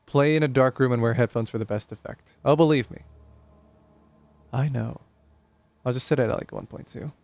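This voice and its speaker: A man's voice: medium pitch, normal speed, vocal fry, pauses often, a little mellow, no echo. A young man casually commenting on a horror game as he streams it live, joking and thinking aloud. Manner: chatty, jokey, thinking aloud.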